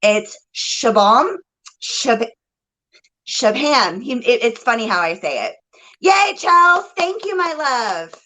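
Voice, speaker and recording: Bright, high-voiced woman, unhurried. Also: sing-song, poor audio. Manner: chatty, greets viewers by name, laughs often. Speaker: livestream host, psychic reader. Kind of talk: casual livestream chat.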